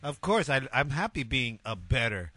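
A man's voice: medium pitch, sing-song, moderate pace, bright, forceful tone. A man co-hosting casual internet radio from a garage, joking and teasing in slang. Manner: joking, teasing, slangy with frequent tag questions. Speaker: co-host. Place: home garage studio.

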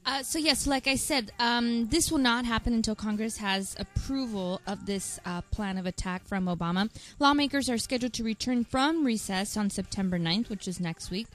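Bright-voiced woman reading news. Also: on the high side, moderate pace, hardly any pauses, soft background music. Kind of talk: reading news on talk radio.

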